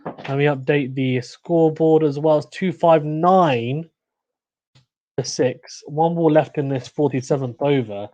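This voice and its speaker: A young man hosting a cricket watchalong livestream, reacting excitedly, groaning and pleading with each ball. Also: a little high, a little slow, low-quality recording. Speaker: livestream host.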